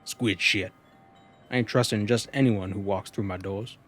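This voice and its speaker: A man's voice: on the low side, steady tone, normal speed, a bit bright, a little hiss or hum, close to an everyday voice. Give me a guarded small-town shopkeeper who deals shrooms, as a man puts him on, drawling and folksy. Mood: wary. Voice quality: drawling, folksy rural accent voice. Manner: wheeling and dealing, slightly menacing.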